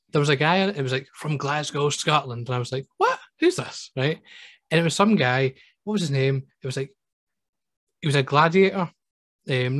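A man co-hosts a casual podcast at an ordinary pitch, rambling through stories and checking in with "right?". His voice sounds dry and close. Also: fairly bright tone, no room sound. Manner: rambling storyteller, peppers talk with "right?" and "um". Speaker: podcast co-host. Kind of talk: casual chat.

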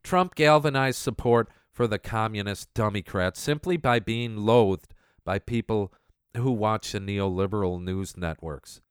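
A man's voice: lowish voice, measured pace, clear, resonant tone, no room sound, clean studio sound. A man hosting a show, ranting in scornful political commentary with a sneering, mocking manner. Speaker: podcast host.

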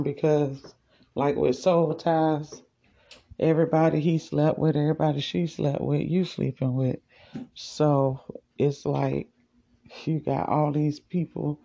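A woman podcast host rambles casually and chattily, speaking directly to her listeners in a spiritual monologue. Her low voice has vocal fry and a warm tone, though the recording sounds muffled.

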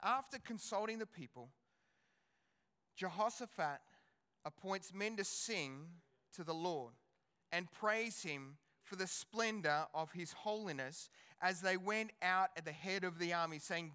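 A male pastor preaching a sermon in an animated, conversational way, asking his congregation rhetorical questions. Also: sits high, a little slow, clean tone.

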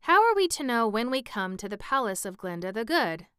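A woman's voice: fairly high pitch, sing-song, brisk, fairly bright tone, clear, resonant tone, no echo, studio quality, voice pushed up. A woman reading the part of an earnest young boy adventurer in an audiobook, in a plain, slightly raised voice.

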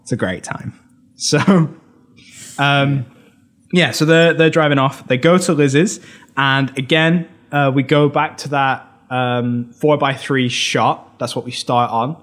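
British guy rambling through a movie recap on a podcast, laughs a lot, keeps restarting, mid pitch. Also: fairly even intonation, takes it slowly, a bit bright. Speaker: podcast co-host recapping a film. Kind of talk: casual film podcast chat.

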